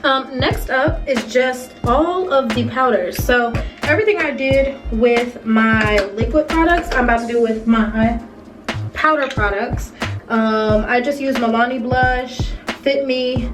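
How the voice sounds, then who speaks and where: A woman's voice: a little high, measured pace. A young woman in her twenties chatting playfully through a casual makeup tutorial, talking straight to her viewers. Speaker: beauty vlogger. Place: bedroom at home. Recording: distant mic with music behind.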